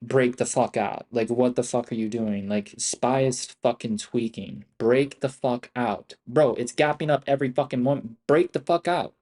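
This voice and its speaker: Frustrated swearing young man, mellow voice. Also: medium pitch, fairly even intonation, moderate pace, few pauses. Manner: frustrated, heavy swearing, repeats "bro" and "dude". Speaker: day trader streaming live trades. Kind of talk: live trading commentary.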